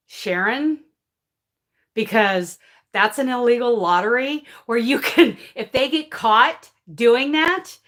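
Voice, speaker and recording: A woman's voice: a little high, fairly bright tone. A woman hosting a casual livestream and answering viewer comments, emphatic and emotional, often apologizing and laughing between points. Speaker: crochet livestream host.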